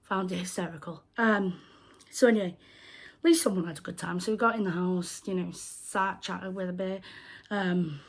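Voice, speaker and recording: A young British woman vlogging, telling a story in a casual, animated way and acting out the people she quotes. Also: fairly low pitch, normal speed. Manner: animated retelling, acts out quoted voices. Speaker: crochet vlogger.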